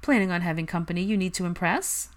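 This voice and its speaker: A woman's voice: fairly low pitch, lightly acted. A woman reading as a clever teasing young woman. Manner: playful, brisk.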